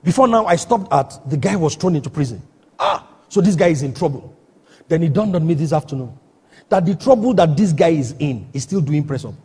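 A man preaching with a high, very husky voice that carries a long reverb from the hall around him. He presses his points with rhetorical questions, checking that the congregation is following him. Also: animated, a little fast, a little mellow. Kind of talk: sermon.

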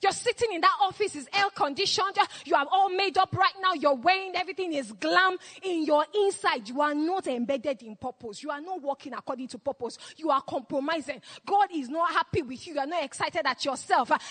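A woman with a high voice preaches with fervor, hammering home repeated refrains and prompting her congregation to respond. Her voice rings out with a long reverb tail, as if it fills a large church hall. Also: a bit bright. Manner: impassioned, call-and-response exhortation with repeated refrains. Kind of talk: sermon.

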